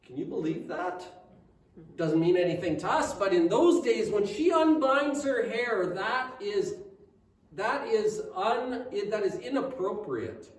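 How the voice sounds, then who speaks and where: High-voiced pastor preaching with lively pitch. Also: male voice, unhurried. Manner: animated storytelling with rhetorical questions to the congregation. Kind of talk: sermon. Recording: echoey room, mic at a distance.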